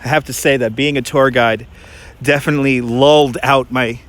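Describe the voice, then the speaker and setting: A man's voice: medium pitch, steady tone, fairly bright tone. Chatty Brooklyn man walking outdoors. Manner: chatty, quick, with frequent restarts and laughs. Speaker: tour guide and livestream host. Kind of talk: casual livestream chat while walking. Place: outdoors in a snowy park.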